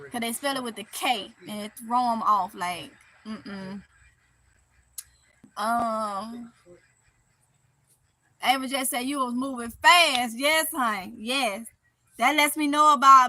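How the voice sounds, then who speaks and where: On a live stream, a woman with a Mississippi Southern accent chats casually and reads viewer comments aloud. Her voice sits on the high side, and she's animated and laughs often, like a vlogger going through live chat.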